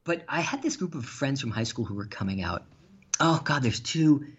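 A man telling stories in casual chat, animated and laughing, with some swearing. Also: medium pitch, moderate pace, husky. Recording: dull lo-fi sound.

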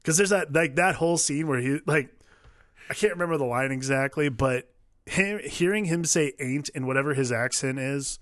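A man's voice: fairly high pitch, normal speed, a bit bright, no room sound, clean studio sound. A man co-hosting a casual film-review chat, talking in loose, rambling runs full of fillers. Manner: rambling, many fillers and restarts. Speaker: podcast co-host.

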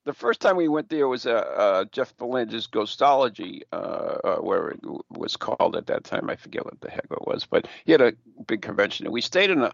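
A middle-aged man hosting a podcast, talking casually in a halting way and repeating words. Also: lowish voice, creaky, no room sound, lo-fi sound. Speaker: podcast host. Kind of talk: casual chat.

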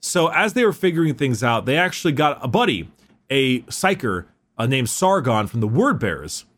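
Podcast guy rambling through a story, trips on names, mid pitch. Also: big pitch swings, normal speed, a bit bright. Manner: rambling, stumbling over names, laughing. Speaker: podcast host. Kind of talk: casual chat.

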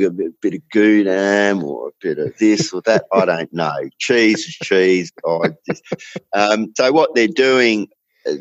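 Aussie guy yarning about fishing, lowish voice, kinda dull lo-fi sound, dry. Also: no echo. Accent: Australian. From Australia. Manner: rambling storyteller, drawn-out emphasis. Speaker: fishing guest. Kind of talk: casual chat.

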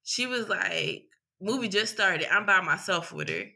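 A woman in casual chat, telling an animated, profane story. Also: mid-range voice, unhurried, gravelly, breathy edge. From Philadelphia.

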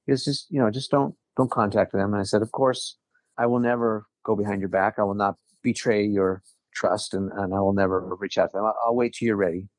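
A man's voice: fairly low pitch, fairly even intonation, a little fast, no room sound. A middle-aged man telling a personal story in casual conversation, earnest, often restarting his sentences. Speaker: guest.

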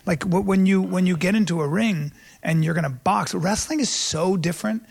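Gravelly, husky man chatting as a guest. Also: high-pitched, normal speed. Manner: brash, joking, profane banter. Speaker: podcast guest. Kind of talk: casual podcast chat.

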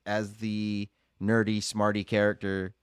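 A laid-back man with a low voice, co-hosting a casual movie podcast. His humor is dry and teasing, and the recording is close and dry with no room sound. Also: monotone, measured pace, clean tone, dry recording. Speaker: podcast co-host.

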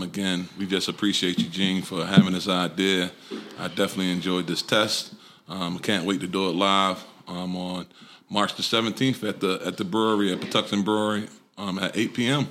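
A man co-hosting a casual podcast, relaxed and thankful, with hesitant fillers as he talks. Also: low-pitched, moderate pace. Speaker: podcast co-host. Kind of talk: casual live podcast chat.

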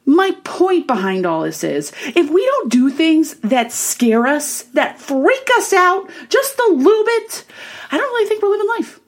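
A woman's voice: very high-pitched, big pitch swings, unhurried. A young woman hosting her own podcast, talking in a chatty, bubbly, rambling way with frequent restarts. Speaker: podcast host. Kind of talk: casual solo podcast monologue.

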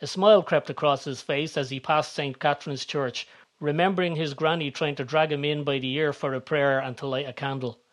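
A man narrating a story in a steady, descriptive reading voice. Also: a little high, a little fast.

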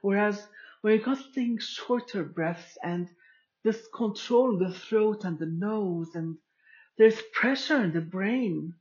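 A woman hosting a podcast, talking through her views in a slow, reflective solo monologue with frequent pauses. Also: lowish voice, darkish tone, dull audio. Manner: slow and deliberate, explaining with pauses. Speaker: podcast host.

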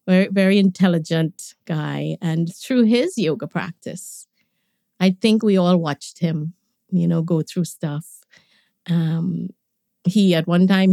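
A woman, a podcast guest, tells stories about her family in a relaxed way and laughs often. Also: lowish voice, dry recording, studio quality. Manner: warm reminiscing, laughs often. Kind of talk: conversational storytelling.

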